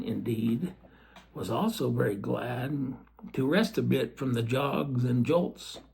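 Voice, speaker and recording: A man reads a storybook aloud at an unhurried pace, in a gravelly, husky voice. He keeps it gentle and turns to the listener now and then with chatty asides. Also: mid-range voice.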